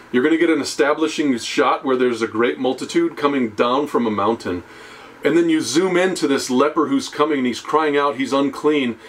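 A man giving a conversational sermon, often checking in with "okay?" and "right?" and slowing down to a hushed tone on key phrases. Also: fairly high pitch. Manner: conversational preaching with tag questions. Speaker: preacher.

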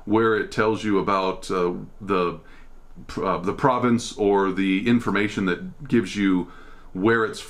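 A man from America teaching a casual Bible study, explaining verses and thinking aloud as he goes. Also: mid-range voice.

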